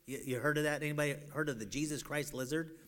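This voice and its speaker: A man preaching a sermon, reading scripture aloud and acting out the doubting cries of biblical figures with animated, pleading bursts. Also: fairly high pitch, quick pace.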